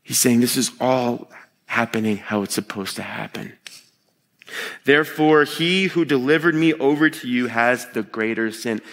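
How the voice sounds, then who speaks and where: A man's voice: mid-range voice, moderate pace, fairly bright tone. A man preaching a sermon in a conversational way, retelling scripture with everyday voices for the people in it. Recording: long echo of a large hall.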